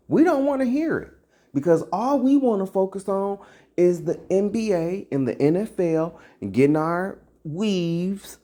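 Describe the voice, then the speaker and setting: A slow, deliberate speaker preaching a scolding monologue, full of rhetorical questions and repeated lines. The voice leaps up and drops low with lively swings of pitch, mixing scripture talk with casual slang. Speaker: self-styled religious teacher. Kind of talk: impassioned religious monologue to camera.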